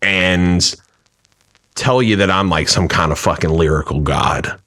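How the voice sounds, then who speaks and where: A man's voice: low voice, unhurried, a bit bright. A man co-hosting a casual podcast, rambling with lots of "like" and swearing. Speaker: podcast co-host and rapper.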